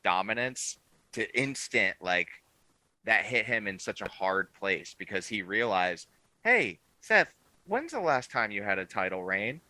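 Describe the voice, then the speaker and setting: A man co-hosting a podcast in casual chat, telling his takes as an animated storyteller who swings his voice up and down. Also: on the low side, no room sound, rough recording. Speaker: podcast co-host.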